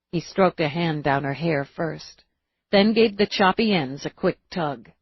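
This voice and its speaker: A woman reading an audiobook in a steady, measured way, in a dull, dry recording. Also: low-pitched, breathy edge, no echo. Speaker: audiobook narrator. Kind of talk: audiobook narration.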